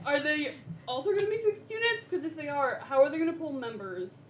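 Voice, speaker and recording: A woman's voice: high voice, expressive, fairly quick. A woman co-hosting a podcast in casual chat, playful and laughing often. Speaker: podcast co-host. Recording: clear background hiss.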